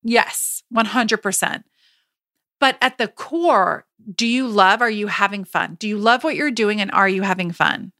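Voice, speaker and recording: An unhurried, mid-range woman's voice, pushed and bright, recorded at studio quality with no room sound. She's a podcast host in her thirties going solo, speaking casually yet emphatically, with many restarts and quoted asides.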